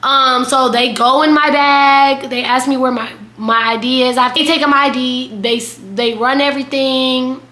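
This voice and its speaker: Young woman vlogging a crazy storytime, bright sharp voice, roomy echo. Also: sits high, moderate pace, few pauses. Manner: animated, dramatic storytelling with quoted voices. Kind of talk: storytime vlog.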